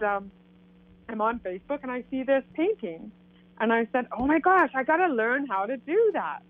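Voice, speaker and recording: A woman's voice: a little high, no room sound. Woman telling her story over a phone line. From Canada. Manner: animated, acts out quoted dialogue. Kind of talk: casual storytelling. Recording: tinny phone line, dry.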